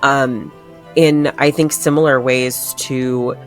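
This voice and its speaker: A woman with a low, dark-pitched voice hosting a book club chat. She talks casually and animatedly, often laughing. Faint music plays behind her. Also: fairly even intonation, slow. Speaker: podcast host.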